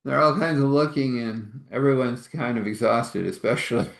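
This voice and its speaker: A man telling a spiritual story in a relaxed way, laughing often. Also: medium pitch, normal speed, vocal fry. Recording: roomy echo.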